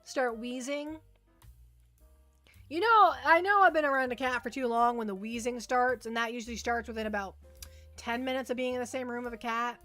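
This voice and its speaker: Chatty woman livestreamer, bright voice. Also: fairly high pitch, fairly even intonation, moderate pace, soft background music. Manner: rambling, repeats words, reads and answers chat. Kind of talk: casual chat with live chat.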